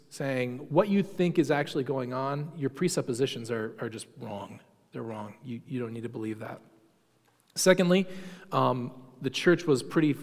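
A man's voice: on the high side, in a large hall. A man teaching a Sunday school class in a conversational lecture, often asking the class questions and using many fillers. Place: church classroom.

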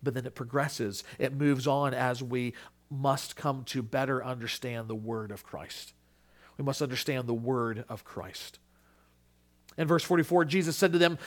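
This medium-pitched pastor takes his time, delivering an earnest sermon that sinks into hushed moments before climbing to emphatic highs. He gives the quoted voices their own performances.

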